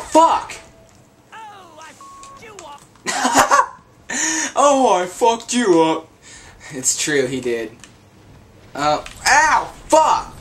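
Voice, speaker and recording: A man's voice: a little high, a bit bright, a little hiss or hum. Young man swearing through a confused let's play. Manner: confused, swearing a lot, laughing, yelping when hit. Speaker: gameplay commentator. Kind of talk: casual let's play commentary.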